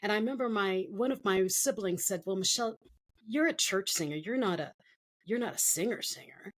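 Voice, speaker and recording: A woman's voice: mid-range voice, brisk. A middle-aged woman from the Philippines, a guest telling her life story in an interview, acting out the voices of the people she quotes.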